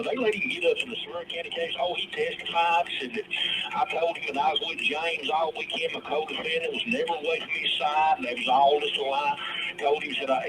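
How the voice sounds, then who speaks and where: Man telling his story over noise. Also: a little high. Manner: rambling, repeats himself, quotes others at length. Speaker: interview guest. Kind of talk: casual storytelling. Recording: loud background noise.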